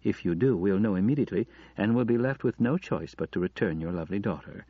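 A hushed, measured kidnapper on the phone, read by a man. His low, husky voice stays soft and threatening. The recording is dry and dull. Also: dry recording. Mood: menacing. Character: calm, menacing male kidnapper on the phone.

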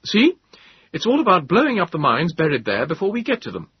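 A young British trooper speaks in brisk, clipped military tones, played by a male narrator. The voice sits high above the reader's own and stays husky. The recording is dry and slightly dull. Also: huge pitch swings, no room sound, full character voice. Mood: explaining.

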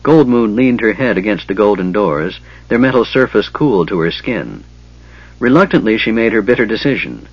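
Guy narrating an audiobook, low husky voice, dull lo-fi sound. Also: animated, no echo. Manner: measured, storytelling. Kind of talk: scripted narration. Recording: slightly dull lo-fi recording.

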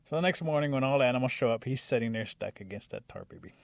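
Gravelly male storyteller, dry close mic. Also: mid-range voice, fast, no room sound. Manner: lively, acts out characters with sound effects. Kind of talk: oral folktale telling.

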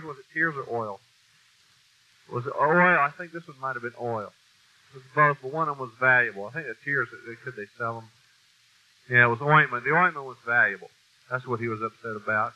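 A man's voice: high-pitched, sharp tone. A man preaching an informal sermon in a blunt, folksy way, with mild cursing and heavy emphasis. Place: meeting room with a mic. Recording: dull lo-fi recording.

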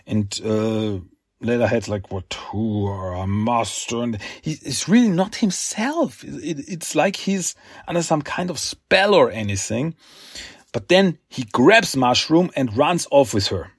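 A man hosting a podcast, recapping a comic book in a rambling, halting way with fillers. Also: fairly high pitch, big pitch swings, husky, no echo, clean studio sound. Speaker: podcast host.

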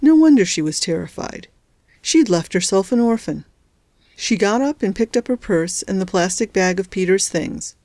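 A woman narrating a novel in a steady, measured storytelling voice. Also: medium pitch, no room sound. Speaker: audiobook narrator. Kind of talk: scripted narration.

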